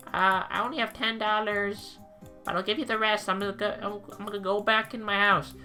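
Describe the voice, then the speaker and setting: A man voicing an awkward young male customer who mumbles hesitantly and apologetically, pitched higher than his own voice. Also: flat delivery, fairly quick, sharp tone, soft background music. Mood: sheepish.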